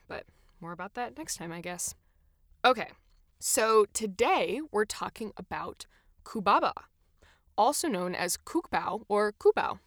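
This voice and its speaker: A woman's voice: medium pitch, fairly bright tone, dry recording, studio quality. A young woman hosting a solo podcast, talking in a chatty, enthusiastic and self-deprecating way. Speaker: podcast host. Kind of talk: casual solo podcast monologue.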